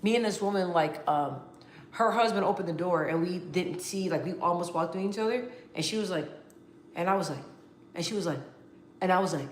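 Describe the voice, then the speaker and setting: Animated, echoey-room woman vlogger. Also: lowish voice, brisk, slight background noise. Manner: animated, emphatic storytelling with slang and frequent restarts. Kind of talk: casual talk to camera.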